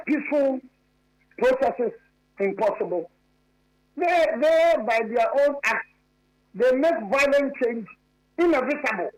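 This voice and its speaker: High-pitched, emphatic man. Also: low-quality recording. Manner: emphatic, repeats his points insistently. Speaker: political commentator. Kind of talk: radio talk show debate.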